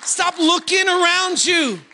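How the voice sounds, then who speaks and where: A male pastor preaching an energetic sermon, repeating phrases for emphasis, calling on the congregation and shouting key lines. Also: extremely high pitch, slow pace, background noise.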